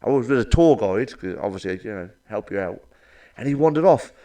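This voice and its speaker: A middle-aged man doing blunt, crude stand-up one-liners with a deadpan delivery and plenty of swearing. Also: on the low side, a little fast, distant mic. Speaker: stand-up comedian.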